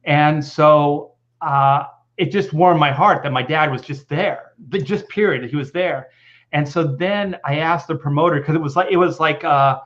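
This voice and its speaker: A man's voice: fairly high pitch, highs cut off. A man telling a long personal story on a video call, rambling with many restarts and false starts. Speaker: comic book artist guest. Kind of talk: casual video call chat.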